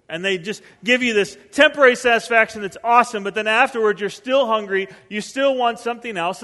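A man's voice: sits high, fairly bright tone, long reverb tail. A male pastor giving a conversational sermon, acting out the voices of the people he quotes.

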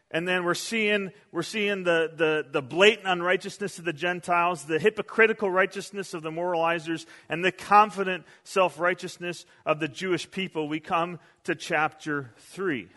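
A man preaching a sermon as pastor, an animated storyteller who often repeats words as he goes. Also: high-pitched. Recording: long hall reverb.

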